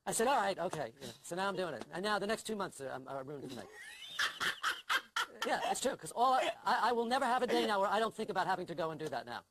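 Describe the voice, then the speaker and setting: A man's voice: high-pitched, very animated, fast talker, noisy background. An older man in a casual interview, telling wry, self-deprecating, anxious stories. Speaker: interview guest, comedy writer. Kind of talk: casual conversation.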